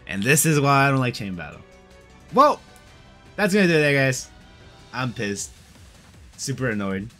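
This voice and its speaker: A man's voice: medium pitch, very animated, unhurried, pauses often, a bit bright, faint music behind. A young man giving casual, slangy commentary on a mobile game, frustrated and peppering his talk with bro and dude.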